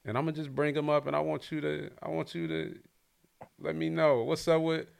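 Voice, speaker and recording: A man's voice: a little high, little pitch movement, creaky, smooth. A man from Detroit hosting a podcast interview, playful and teasing in casual chat. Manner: playful, teasing, quick to laugh. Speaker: podcast host.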